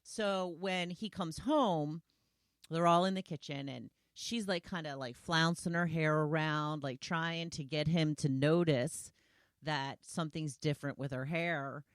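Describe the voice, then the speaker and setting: A woman's voice: low voice, measured pace, no room sound, studio quality. A woman hosting a solo podcast, talking conversationally and retelling scenes with quoted lines. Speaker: podcast host.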